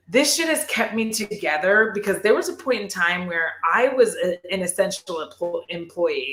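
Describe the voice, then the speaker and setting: A woman chatting casually and rambling on a live stream, swearing freely and animated. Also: on the low side, roomy sound. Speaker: guest on a live chat stream. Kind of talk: casual chat.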